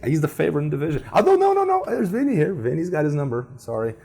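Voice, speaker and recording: A man's voice: on the high side, sing-song, fast talker, vocal fry, mellow, slightly rough. A man co-hosting a podcast, talking casually and rambling, full of fillers like "man". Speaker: podcast co-host. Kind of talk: casual chat.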